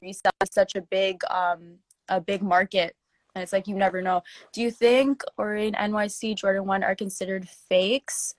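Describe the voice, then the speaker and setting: A woman's voice: medium pitch, normal speed, no echo. A young woman in casual chat, talking loosely with many fillers and slang as an interviewee. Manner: filler-heavy, animated, slangy.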